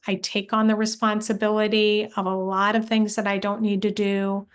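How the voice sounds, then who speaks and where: A woman's voice: mid-range voice, level tone, moderate pace, smooth. A middle-aged woman leading a workshop for moms, speaking in an earnest, encouraging way and putting questions straight to her listeners. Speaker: workshop leader and coach for moms. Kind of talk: live online workshop talk.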